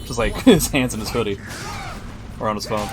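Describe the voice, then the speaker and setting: A man hosting a live stream and commentating fighting game matches, excitable and joking as he reacts to the play. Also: mid-range voice, fairly quick, soft background music. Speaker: esports commentator and stream host.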